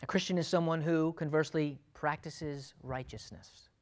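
A male pastor preaching a sermon to his church, swinging from loud urgent pleading to quiet, low, earnest asides. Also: fairly even intonation, moderate pace.

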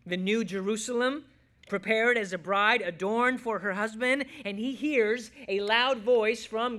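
Delivering a sermon to his flock, this male pastor has a high-set voice and moves back and forth from forceful, loud passages to soft, hushed ones.

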